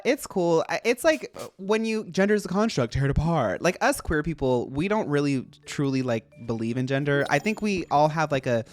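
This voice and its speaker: A chatty streamer thinking out loud over a game, voice bouncing up and down with lots of animation. The talk rambles in a playful way from one thing to the next. Soft game music plays underneath. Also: medium pitch. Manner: rambling, playful, jumps between topics. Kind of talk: casual gameplay stream chat.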